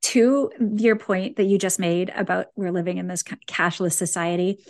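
A woman's voice: fairly low pitch, normal speed, dry recording, studio quality. A woman hosting a podcast who chats casually and relates a recent family outing. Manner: relaxed, chatty, with short affirmations. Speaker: podcast host. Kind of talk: casual conversation.

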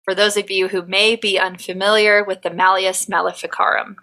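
A woman's voice: mid-range voice, little pitch movement, a little fast, bright, forceful tone. A young woman co-hosting a podcast in casual chat, chatty and joking as she retells history. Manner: chatty, laughs often, mixes history with jokes. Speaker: podcast co-host.

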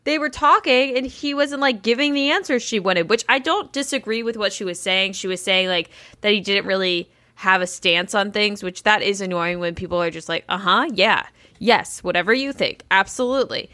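A woman's voice: medium pitch, normal speed, few pauses, sharp tone, no room sound. A woman co-hosting a podcast, chatting bluntly and casually, with plenty of swearing. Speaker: podcast co-host. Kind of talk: casual recap chat.

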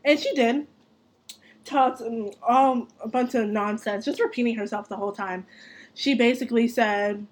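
A young woman telling a story in loose, casual chat, with a fairly high voice. She swears freely, gets animated and laughs easily as she tells it. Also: normal speed. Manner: animated, profane, laughs through her story.

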